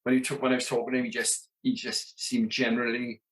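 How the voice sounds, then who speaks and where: His mid-range voice is completely flat yet fairly bright, and he talks quickly. He's a rock drummer in his thirties from the Merthyr Tydfil area of South Wales, guesting on a podcast with casual tour anecdotes, acting out dialogue and saying "you know what I mean" constantly.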